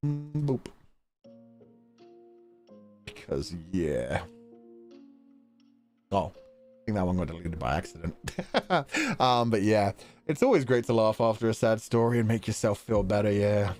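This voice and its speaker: A young man streaming casually, chatting with viewers in an animated way, laughing often and swearing casually. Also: lowish voice, unhurried, long pauses. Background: faint background music.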